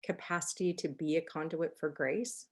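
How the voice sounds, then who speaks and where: Female podcast host, fairly low-pitched, affirming, quick to laugh. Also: fairly even intonation. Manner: warmly affirming, laughs often. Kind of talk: casual interview chat.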